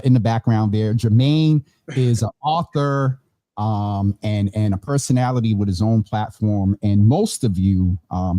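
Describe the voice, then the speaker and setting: A tired man hosting a relaxed, chatty online show from a warm room at home, laughing now and then. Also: on the low side, no echo. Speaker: host. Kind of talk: casual chat. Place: hot room at home with vents and fan. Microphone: phone or video call.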